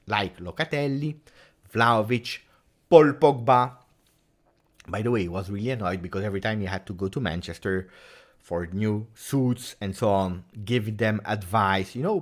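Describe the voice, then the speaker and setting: A man from Italy with an Italian accent, hosting a casual fan-channel livestream and reading out viewer comments. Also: lowish voice. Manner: animated, reads viewer comments.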